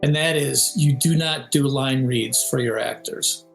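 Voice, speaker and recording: An older man who works as a game composer and audio director talks casually in a video-call interview, an animated storyteller who sings melodies and imitates voices. His medium-pitched voice is unhurried and creaky, with faint music behind and a rough recording.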